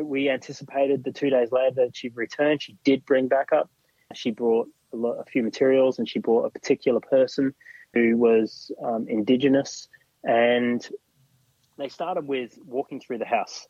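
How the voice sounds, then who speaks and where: A man's voice: medium pitch, steady tone, normal speed, warm tone, no room sound. A man, a podcast guest, telling a story in casual conversation and often acting out what other people said. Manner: recounts events animatedly, often acting out others' words. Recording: dull lo-fi recording.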